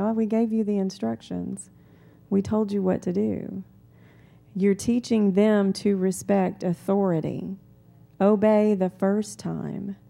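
A woman preaching a sermon in a calm, conversational way, weaving in personal stories. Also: medium pitch, vocal fry.

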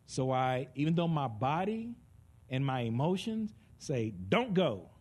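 Male preacher, husky tone, very lively pitch, conversational and humorous. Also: unhurried. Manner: animated, joking, swings between soft and loud. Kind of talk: conversational sermon.

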